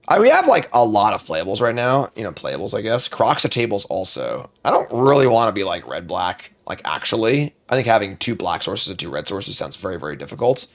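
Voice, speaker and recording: A man with a gravelly edge to his voice talks through a card game draft from a home streaming setup. His pitch swings widely, from low muttering up to sharp exclaimed bursts. The talk is casual and unscripted, full of thinking aloud. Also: very animated. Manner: muttering, thinking aloud, quick outbursts of frustration.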